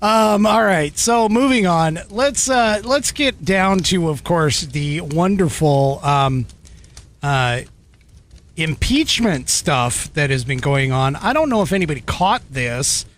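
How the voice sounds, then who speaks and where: An American man hosts a casual commentary show, his voice a little high and very animated in pitch. He talks slowly, wanders between thoughts, and keeps breaking into small laughs and fillers. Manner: rambling, chuckling, many fillers and restarts. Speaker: podcast host.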